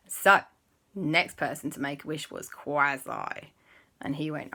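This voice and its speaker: A woman narrating a children's story, animated and acting out sound effects. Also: low-pitched, measured pace.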